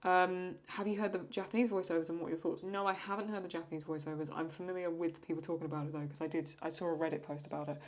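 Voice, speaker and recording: A young host from England, with a lowish, darkish voice, keeps up a rambling, chatty commentary as she draws. She answers viewer questions and talks to herself along the way.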